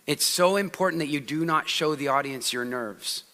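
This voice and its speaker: A man giving a motivational talk on a conference stage, lively and asking the audience questions. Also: on the high side, normal speed. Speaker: conference speaker. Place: large hall on stage. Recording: long hall reverb.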